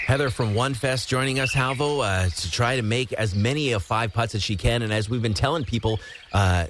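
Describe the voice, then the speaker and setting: A man's voice: mid-range voice, brisk, noisy background. A young man hosting a morning radio show, chatting casually with fillers in a studio. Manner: chatty, frequent "again" and "uh" fillers.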